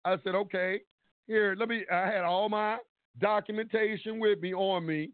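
A man with a high voice tells a long, lively story on a call-in show. He voices the other people's lines himself and swears freely. The sound is tinny and dry, like a phone line. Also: normal speed, dry recording. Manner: animated storytelling, acting out quotes, swearing. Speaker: caller.

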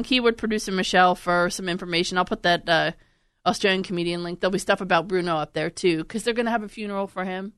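A woman hosting a podcast in casual chat, chatty and laughing, quick to act out animals. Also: on the low side, fairly bright tone, clear, resonant tone, dry recording, studio quality. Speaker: podcast host and radio producer.

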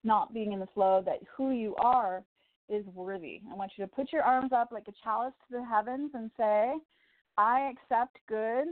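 Her voice is a little high and moves at a moderate pace, recorded dry over a tinny phone line. She's a radio psychic reader from Chicago hosting a call-in show, giving callers encouraging angel card readings. Her manner is warm, chatty and reassuring, punctuated by laughter.

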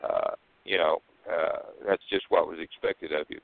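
Deep-voiced older Southern man, phone-line sound. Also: steady tone, moderate pace, vocal fry, no echo. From American South. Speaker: co-host. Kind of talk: casual podcast chat. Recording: tinny phone-line audio.

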